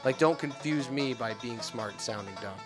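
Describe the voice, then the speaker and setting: Man, mid-pitched, rambling podcast co-host, trails off low, faint music under. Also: moderate pace. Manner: rambling, lots of fillers and restarts, drifts into a mumble. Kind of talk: casual chat.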